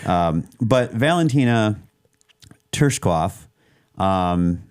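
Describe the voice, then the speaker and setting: A man's voice: fairly low pitch, lively intonation, takes it slowly, clean tone, no room sound, clean studio sound. A man co-hosting a podcast in casual chat, rambling with many restarts and fillers. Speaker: podcast co-host.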